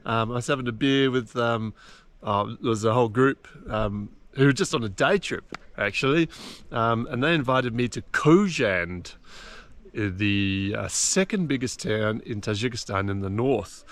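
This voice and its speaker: A man's voice: medium pitch, normal speed, fairly bright tone. A man in a casual travel vlog, talking outdoors by a mountain lake in a chatty, self-mocking way. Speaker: travel vlogger.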